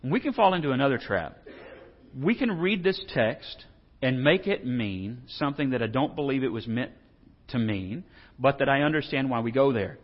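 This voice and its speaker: A man's voice: medium pitch, lively intonation, normal speed. Male Bible teacher, jokey and folksy, dull lo-fi pickup with long reverb. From Texas. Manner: folksy, joking, asks the audience questions. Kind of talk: animated Bible lesson. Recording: dull reverberant hall sound.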